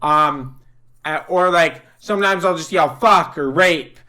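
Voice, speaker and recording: A man's voice: a little high, a little slow. A young man co-hosting a podcast in casual comedic chat, laughing often and telling crude stories. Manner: laughs often, crude jokes, animated storytelling. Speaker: podcast co-host.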